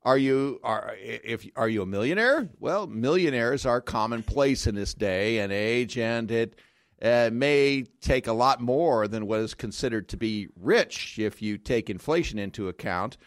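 A man's voice: mid-range voice, expressive, a little slow, dry recording, clean studio sound. Plainspoken male radio money expert. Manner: explanatory, plainspoken, joking. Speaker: financial planner guest. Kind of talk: radio money segment and banter. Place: radio studio. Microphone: studio mic.

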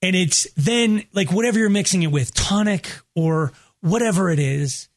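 High-voiced animated male radio host. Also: normal speed. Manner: animated, laughing, does voices in his stories. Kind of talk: casual radio banter, storytelling.

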